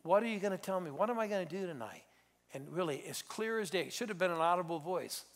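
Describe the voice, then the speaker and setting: Middle-aged male preacher, raised voice, swings from shouting to hushed, church sermon. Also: high-pitched, lively intonation, fast talker. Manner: preaching storyteller, swings between loud exhortation and hushed intensity. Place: church sanctuary.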